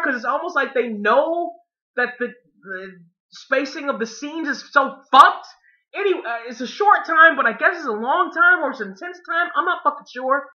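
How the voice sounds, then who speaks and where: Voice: mid-range voice, pushed and bright. A movie reviewer giving a casual spoiler review, swearing constantly and sarcastic. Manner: profane, sarcastic, exasperated. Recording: echoey room, dull lo-fi sound.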